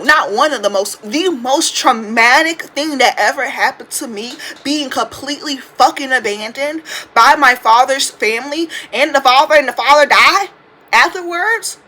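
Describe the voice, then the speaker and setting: A young woman in her twenties talks through a podcast monologue in a high, bright voice. She rants with loose slang and plenty of swearing, in a casual, animated way, recorded on a phone. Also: low-quality recording. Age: 20s. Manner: animated, profane, ranting with slang. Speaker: podcast host. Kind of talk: casual reality TV commentary monologue.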